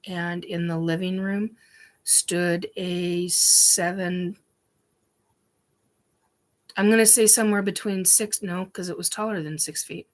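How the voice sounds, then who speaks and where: A woman's voice: on the low side, steady tone, takes it slowly, long pauses. A woman hosting a show, telling a personal story in a rambling, emphatic way with many ums and restarts. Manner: emphatic, swears casually. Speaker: host.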